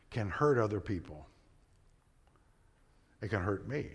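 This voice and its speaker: A man preaching a sermon, earnest and conversational, swinging between emphatic points and hushed, quiet asides. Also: on the low side, big pitch swings, unhurried, breathy edge. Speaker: pastor.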